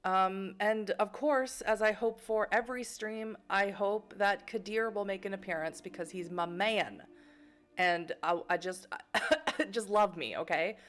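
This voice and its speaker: A woman's voice: medium pitch, fairly bright tone. A young woman streaming a narrative game, chatting playfully with many fillers and laughs while reading the game text aloud.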